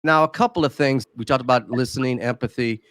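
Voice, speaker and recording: A man's voice: medium pitch, fast, a bit bright, clean tone, no room sound. A man co-hosting a casual podcast conversation, talking in an easygoing way and often repeating words as he thinks aloud. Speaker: podcast co-host.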